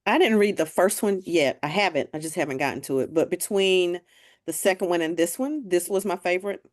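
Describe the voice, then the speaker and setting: Low-voiced woman chatting about a book. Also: animated, fairly quick. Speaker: book club member. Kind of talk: casual book club discussion.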